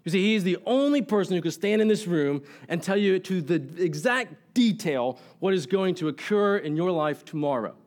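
A man preaching a sermon in earnest, often asking the congregation "right?" and slowing down to stress quoted lines. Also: high-pitched, expressive, a little mellow. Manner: stumbling restarts, slows to stress quotes.

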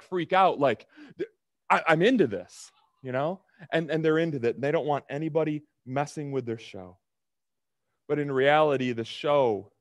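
A male preacher delivers a sermon in a loose, conversational way, often stumbling over repeated words and asking the congregation if they follow. His voice sits a little high for a man. The sound is close and dry, with no room around it. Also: no room sound. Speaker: pastor.

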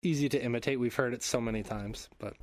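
A man co-hosting a podcast in casual chat, rambling and joking, swearing freely. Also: medium pitch. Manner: rambling, animated, swearing, quick to joke. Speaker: podcast co-host.

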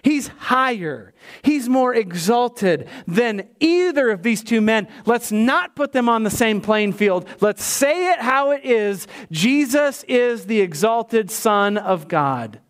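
Here the pastor's voice is high and his pace slow, with few pauses. His sermon is animated, alternating between emphatic loud passages and quiet, hushed ones.

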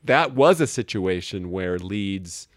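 Low-voiced joking man co-hosting a podcast. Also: expressive, takes it slowly, no echo, studio quality. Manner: joking, rambling, laughs often. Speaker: podcast co-host. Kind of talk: casual chat. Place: Chicago area.

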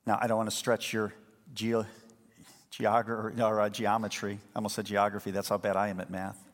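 A man preaching a sermon as a pastor, telling the story with lively energy and acting out the voices of the people in it. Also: on the low side, fairly quick. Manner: lively storytelling, acts out quoted speakers. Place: church sanctuary. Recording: long hall reverb.

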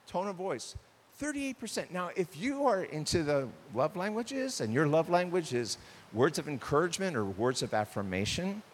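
A lively, high-pitched man preaching on marriage, his voice leaping up and down as he acts out quarrels between husbands and wives. He speaks in a large hall that rings with a long reverb. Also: slight background noise. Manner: animated, acts out quoted spouses. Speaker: pastor. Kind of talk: sermon on marriage communication.

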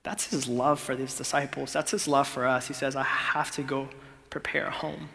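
A young man preaching a sermon in a laid-back, conversational way, sometimes dropping to a hush for emphasis. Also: medium pitch, level tone, normal speed, creaky. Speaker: pastor. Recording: long hall reverb.

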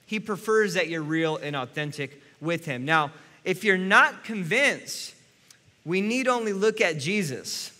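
Male pastor, earnest sermon, bright tense tone, long hall reverb. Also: high-pitched, expressive, a little slow. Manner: earnest, addresses listeners directly.

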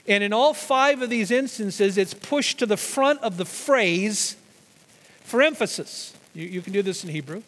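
A man preaches in a high voice, teaching through scripture and leaning hard on the words he wants to stress. His sermon rings with the long reverb of a church hall. He often restarts a phrase before pressing on. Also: expressive, measured pace, a bit bright. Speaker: pastor.

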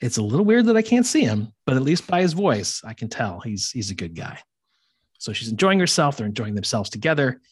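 Podcast host retelling myths, chatty and animated, husky tone. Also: male voice, mid-range voice, brisk. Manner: chatty storyteller with asides. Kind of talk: casual myth retelling.

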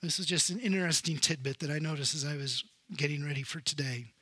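A male pastor preaches a sermon, telling the story with animated swings between loud emphasis and hushed tones. His voice is a little high and slightly rough, he speaks at a quick pace, and the recording is dry.

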